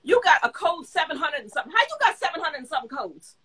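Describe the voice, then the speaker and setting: Fast, bright-voiced woman hosting a podcast. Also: sits high, low-quality recording. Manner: animated, laughing, quick storyteller. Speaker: podcast host. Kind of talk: casual podcast chat.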